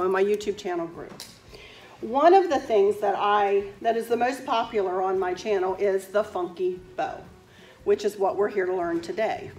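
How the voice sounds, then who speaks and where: A woman's voice: mid-range voice, normal speed. A woman crafting instructor talking to a room of women, chatty and full of quoted back-and-forth stories. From Virginia, USA. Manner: chatty, warm storytelling with quoted exchanges. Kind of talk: friendly class talk to a group.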